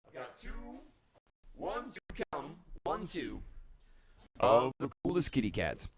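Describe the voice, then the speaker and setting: Speaking at a measured pace but very animated, a man with a mid-range voice hosts a casual live-stream from a dark home studio. He rambles, jokes around and makes fun of himself.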